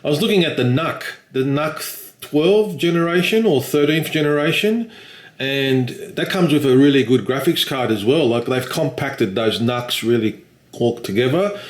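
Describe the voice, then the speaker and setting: A man's voice: medium pitch, echoey room, low-quality recording. A man chatting casually in a rambling, self-deprecating vlog, swearing lightly. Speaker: vlogger.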